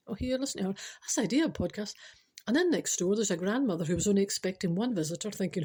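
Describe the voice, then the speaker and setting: A Scottish woman hosting a podcast, telling a comic story with spiritual advice in a chatty, animated way full of teasing asides. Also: medium pitch, fast, husky.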